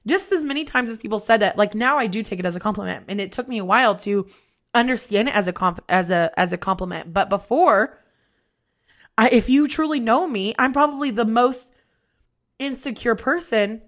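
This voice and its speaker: A woman's voice: on the high side, a little fast. A woman hosting a podcast, giving a blunt, emphatic motivational monologue and swearing freely. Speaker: podcast host.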